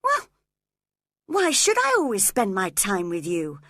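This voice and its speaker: A woman voicing a spoiled, hot-tempered young woman in a read-aloud story, with petulant, shrill outbursts. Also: huge pitch swings, measured pace, fairly bright tone, dry recording, studio quality, exaggerated voice. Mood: cross.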